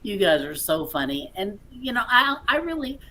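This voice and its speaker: A young woman, a community theatre actor, chatting casually and telling lively stories with laughs. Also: mid-range voice, normal speed. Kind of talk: casual chat.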